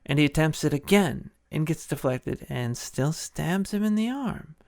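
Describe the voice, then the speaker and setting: Rambling through a film recap, this podcast host jokes with open enthusiasm in a gravelly but smooth, clear voice. He speaks slowly yet animatedly, with fairly high pitch and a darkish tone, captured in a close, dry recording.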